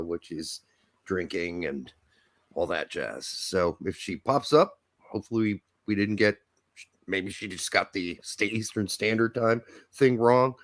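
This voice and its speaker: A man's voice: low voice, dry recording. A man hosting a podcast on a video call from home, chatting casually with lots of fillers and easy laughs. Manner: laid-back, laughing, rambling with fillers. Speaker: podcast host. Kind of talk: casual live-stream chat. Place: home in Indiana.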